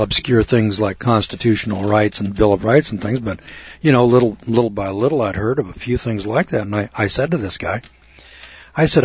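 The recording is dull, muffled and dry, with no room sound. A middle-aged man with a low, slightly rough voice addresses an audience, rambling through a self-mocking story in a folksy lecture style and repeating words along the way.

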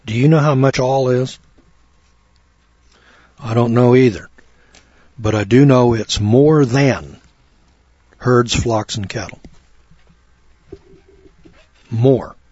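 Folksy male preacher, wry, husky voice, dry dull recording. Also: mid-range voice, slow pace, long pauses, darkish tone, dry recording. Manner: folksy, wry, rhetorical questions. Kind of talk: folksy sermon on scripture.

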